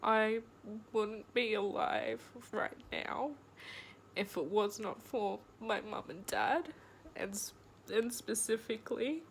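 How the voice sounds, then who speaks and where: A young woman telling a personal story in a diary vlog, speaking in a halting, emotional way with pauses, close to tears. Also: mid-range voice, a little hiss or hum. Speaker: vlogger.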